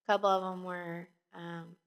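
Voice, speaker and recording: A woman's voice: on the low side, little pitch movement, moderate pace, vocal fry, muffled recording. A woman co-hosting a podcast, chatting casually and retelling stories with lots of fillers and restarts. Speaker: podcast co-host. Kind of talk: casual chat.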